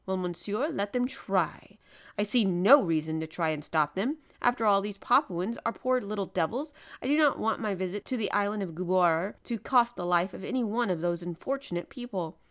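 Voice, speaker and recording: A woman voicing a calm, courteous middle-aged male sea captain in a storybook reading, speaking in a composed, polite way. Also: medium pitch, normal speed, natural voice.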